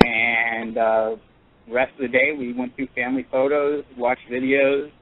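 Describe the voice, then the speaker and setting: A man calling in to a radio show, telling a personal story in an earnest, halting way with many pauses and restarts. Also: mid-range voice, creaky. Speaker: caller. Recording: tinny phone line.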